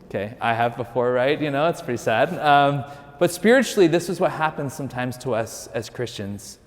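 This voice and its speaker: Male priest, mid-range voice, casual storyteller with dry humor, booming church reverb. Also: animated, moderate pace. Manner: conversational, lightly joking storytelling. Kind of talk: sermon.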